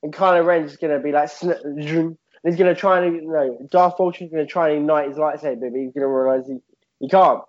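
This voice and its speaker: A man's voice: a little high, fairly even intonation, fast. Rambling young man, lo-fi. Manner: rambling, full of "like". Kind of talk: casual comedic podcast chat. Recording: dull lo-fi audio.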